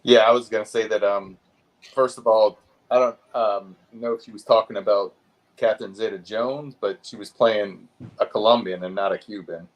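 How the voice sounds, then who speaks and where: A man talking in a casual, thoughtful way, with a fairly low voice. He hesitates often and fills the gaps with ums and uhs. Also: fairly even intonation, normal speed. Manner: thoughtful, hesitant, many fillers. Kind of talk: casual chat.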